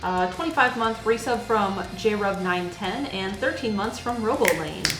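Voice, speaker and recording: A woman on a stream reading out subscriber shout-outs in a casual, lively way. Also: medium pitch, moderate pace, roomy sound, over music, rough recording. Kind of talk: casual chat.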